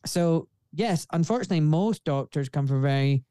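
A man's voice: on the high side, animated, normal speed, dark tone, clean tone, no echo. A man in his forties with a refined Scottish accent, a guest speaking earnestly and outspokenly in a casual interview. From Scotland. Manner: earnest, outspoken, frequent "you know". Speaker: guest, surgeon.

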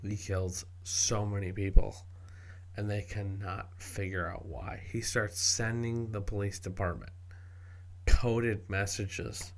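Gravelly slow-talking man. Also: fairly low pitch, level tone. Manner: rambling, profane, frequent restarts. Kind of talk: casual spoken commentary.

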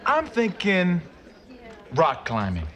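An actor playing a laid-back, deadpan cool man in a sitcom. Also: high-pitched, slow pace, heavily acted. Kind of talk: sitcom acting.

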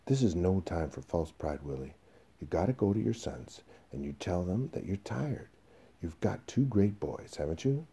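A man's voice: low voice, very animated, normal speed, dark tone, breathy edge, exaggerated voice. A man reading the part of an impatient young boss who brushes off an older employee. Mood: dismissive. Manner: curt, dismissive.

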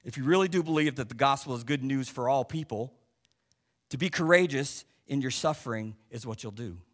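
A male pastor preaches a sermon, posing rhetorical questions to the congregation and swinging between loud, stressed points and quiet asides. His voice is medium pitch and brisk.

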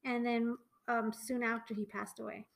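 A chatty young woman with a high voice co-hosts a casual podcast. She circles around her points with plenty of "um" and "like," stopping and restarting her sentences as she goes. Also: flat delivery, normal speed, gravelly, rough recording. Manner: chatty, many fillers and trailing restarts. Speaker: podcast co-host. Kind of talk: casual chat.

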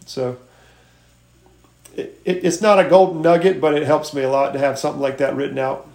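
An earnest man talks through his sales notes on a group video call, with halting restarts. His voice sits a little high for a man. The room around him echoes clearly. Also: steady tone, darkish tone. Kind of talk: casual group call, sharing tips.

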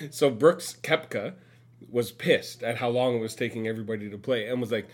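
A man's voice: medium pitch, moderate pace, slightly rough. A man co-hosting a podcast, chatting casually and laughing as he tells stories. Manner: giggly, laughs through his stories. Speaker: podcast co-host. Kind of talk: casual chat.

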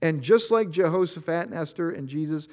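A man's voice: a little high, expressive, a little fast, darkish tone. A man preaching a sermon, retelling Bible stories and speaking earnestly to the listeners. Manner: storytelling, acting out Bible scenes in quoted voices; earnest, addresses listeners directly. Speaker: pastor.

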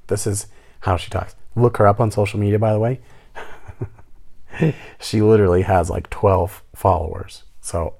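A man's voice: deep voice, creaky, a little mellow, husky. A young man telling a story about a rental applicant, full of sarcastic, mocking asides. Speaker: landlord telling a tenant story. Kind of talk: casual storytelling rant.

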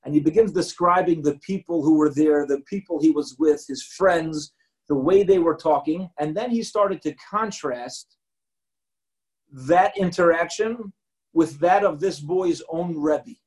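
A man, a rabbi, giving a Torah lecture as an animated storyteller who acts out the quotes and mixes in Hebrew and Yiddish terms. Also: on the high side, a little slow, rough recording.

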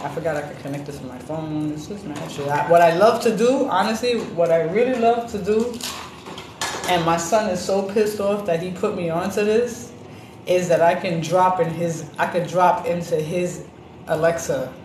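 Animated, foul-mouthed woman chatting. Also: lowish voice, moderate pace. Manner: animated storyteller, profane, acts out other voices. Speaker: podcast co-host. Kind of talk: casual chat. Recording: roomy with background noise.

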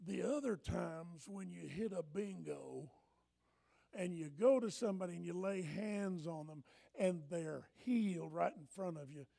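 Older male pastor, high gravelly voice, storytelling sermon that swings from soft to loud. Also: measured pace.

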